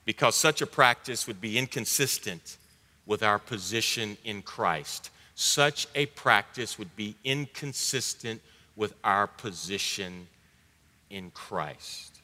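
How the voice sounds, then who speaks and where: A male pastor preaching a sermon, swinging between loud emphatic bursts and hushed low lines. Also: expressive, takes it slowly. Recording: long hall reverb.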